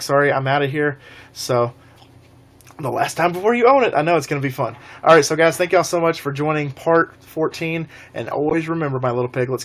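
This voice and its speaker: A young man telling a rambling, laughing story on a casual live stream. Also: on the high side.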